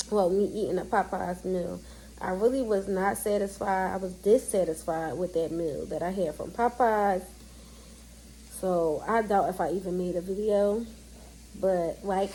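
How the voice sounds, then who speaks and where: A woman's voice: mid-range voice, warm tone, a little hiss or hum, poor audio. A woman in her thirties, a vlogger, giving a loose, rambling sign-off to her viewers and filling gaps with "like". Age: 30s. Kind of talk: casual vlog sign-off.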